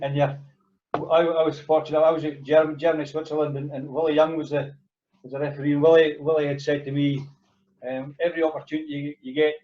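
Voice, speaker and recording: A man hosting a casual chat, a former referee speaking modestly with frequent restarts. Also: on the high side. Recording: dull lo-fi audio.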